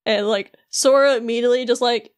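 A woman's voice: on the high side, fairly even intonation, a little fast. A woman co-hosting a podcast, casually recapping a video game and saying "like" constantly. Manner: rambling, fills with "like" constantly. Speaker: podcast co-host.

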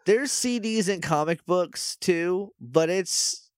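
A man's voice: high voice, expressive, slow pace, dry recording, clean studio sound. A man co-hosting a podcast, recapping a TV episode in casual chat and acting out the characters' lines. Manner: retells scenes by quoting characters, casual and profane. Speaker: podcast co-host.

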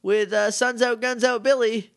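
A young man with a stuffed-up nose co-hosting a podcast, recapping an episode in animated casual chat and laughing often. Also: extremely high pitch, normal speed, creaky. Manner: animated, laughs often, acts out quoted lines. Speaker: podcast co-host.

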